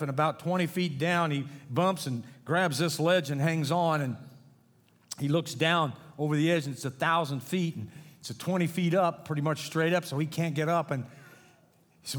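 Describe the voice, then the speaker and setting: Folksy preacher man, long hall reverb. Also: fairly high pitch. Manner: folksy preaching with jokes and repetitions. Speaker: pastor. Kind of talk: sermon.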